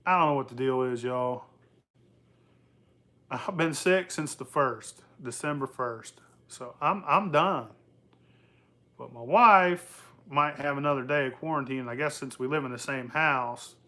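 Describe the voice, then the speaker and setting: A bright, forceful, medium-pitched voice belongs to the young host of a moonshine channel, who speaks a little slowly. His casual workshop vlog is rambling and profane, punctuated by frequent laughter.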